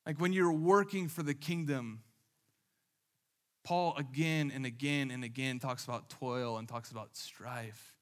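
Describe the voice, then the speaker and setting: A pastor delivers a relaxed, conversational sermon and leans on lively anecdotes packed with casual fillers. He speaks in a somewhat high register with a bright, forward edge. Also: moderate pace. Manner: casual, animated storytelling with many fillers.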